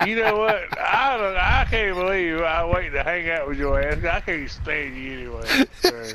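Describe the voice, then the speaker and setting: A man's voice: high-pitched, animated, moderate pace, gravelly, background noise. A man gamer in a profane party chat, ranting at a friend in mock indignation and swearing a lot.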